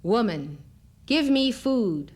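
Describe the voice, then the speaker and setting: A woman's voice: mid-range voice, fairly even intonation, slow, close to an everyday voice. A woman voicing an arrogant, hot-tempered young male ascetic in a commanding tone. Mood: haughty.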